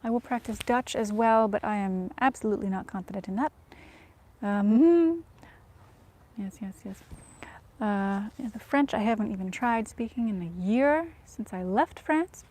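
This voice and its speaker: A woman vlogger chatting casually to viewers, soft-spoken and often dropping to a whisper, self-deprecating. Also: mid-range voice, a little slow.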